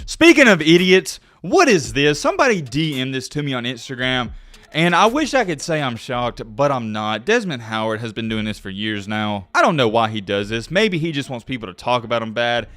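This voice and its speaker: A man's voice: fairly high pitch, fairly bright tone, dry recording. A young man giving a blunt, heated, mocking rant as a sports commentary YouTuber. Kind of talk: opinionated solo rant.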